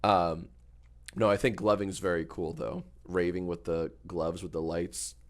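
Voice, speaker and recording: A man's voice: sits low, level tone, a little slow. A man chatting casually on a livestream, joking and riffing on messages from chat. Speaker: streamer.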